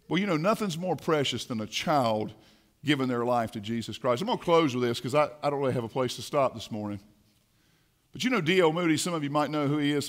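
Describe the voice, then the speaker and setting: A man preaching a sermon in a church, swinging from quiet asides to fiery shouting. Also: fairly high pitch. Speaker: pastor. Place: church sanctuary.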